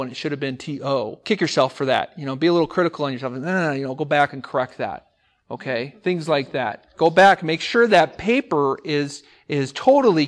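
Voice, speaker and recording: A man teaching a class of speech students, talking with energy and throwing questions out to the room. His voice sits a little higher than most men's. He repeats key words to drive a point home. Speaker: English teacher and speech coach. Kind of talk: classroom lecture.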